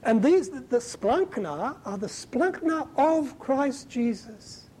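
A man giving a conversational Bible teaching as a preacher, talking in an animated, colloquial and emphatic way. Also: very high voice, takes it slowly, slight background noise, rough recording.

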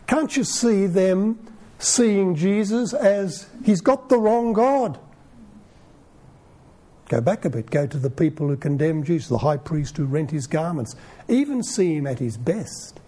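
A man giving an informal Bible teaching in a conversational way, full of rhetorical questions and lively asides. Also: fairly high pitch, unhurried, slightly rough.

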